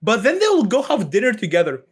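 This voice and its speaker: A woman in casual chat who talks with swearing and animated energy, acting out quoted lines. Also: medium pitch, quick pace, slightly rough. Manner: profane, animated, quotes characters in put-on voices. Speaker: podcast co-host.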